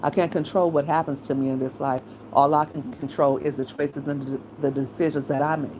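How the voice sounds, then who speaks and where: A middle-aged woman who hosts a commentary channel speaks a little fast in a low, level voice, talking casually and straight into the mic. She is blunt and opinionated, frank and conversational, with a faint hiss of noise underneath.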